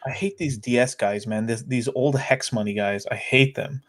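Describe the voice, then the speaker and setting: A man's voice: medium pitch, moderate pace, a bit bright. A man co-hosting a casual crypto chat show, chatty and explaining things with loose hedges. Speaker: co-host.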